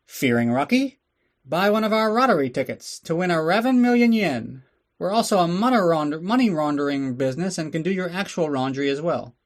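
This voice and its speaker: A man voicing a brash male shopkeeper hawking his store in a mock radio ad, with a loud sing-song pitchman delivery. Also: lively intonation, fairly quick, close to an everyday voice. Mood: hard-selling.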